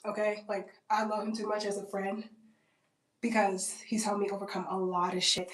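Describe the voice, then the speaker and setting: Here a twenty-something woman vlogs a story at a moderate pace, her medium-pitched voice showing little pitch movement. She's casual and blunt, saying "like" a lot and swearing often, and the mic picks her up from a distance in a roomy space.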